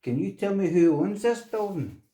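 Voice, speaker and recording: A middle-aged man, speaking a touch high but mellow and soft-edged. He puts patient, coaxing questions to the dark, as if waiting for an answer from something unseen. It is a ghost-hunt session inside an old castle. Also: lively intonation, normal speed. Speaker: paranormal investigator.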